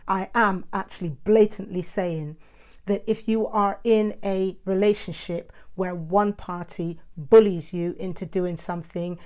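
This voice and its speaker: A woman's voice: fairly low pitch, darkish tone. A middle-aged woman, talking casually and animatedly in her own monologue, self-described as the mouthy one. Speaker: host.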